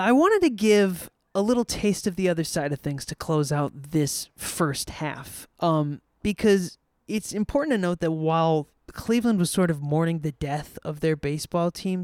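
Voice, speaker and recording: A man's voice: a little high, expressive, normal speed, darkish tone, dry recording, clean studio sound. A man hosting a podcast, telling a history story with wry, joking asides. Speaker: podcast host.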